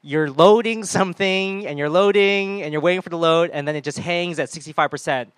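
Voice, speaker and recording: A man preaching a sermon in a lively way, often acting out the people and voices he quotes. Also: a little high, a little fast, clean tone, dry recording. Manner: animated, acts out quoted voices.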